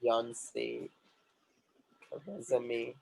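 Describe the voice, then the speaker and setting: Man, indian english accent, teacher drilling words, repetitive, mid pitch. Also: wildly swooping pitch, extremely slow, creaky, a little mellow, low-quality recording. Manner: repetitive, drilling, asks class questions. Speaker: communication trainer. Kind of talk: classroom lesson at a board.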